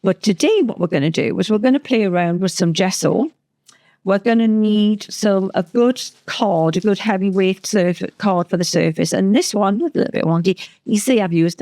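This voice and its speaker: A woman's voice: mid-range voice, warm tone, no room sound. A woman as a craft educator, chatty and enthusiastic, talking through a craft tutorial with frequent restarts.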